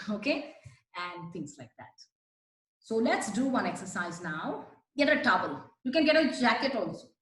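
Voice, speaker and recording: A woman giving a lively fitness talk to an audience, asking them questions as she demonstrates. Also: medium pitch. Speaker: fitness trainer. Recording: very echoey hall, voice far from mic.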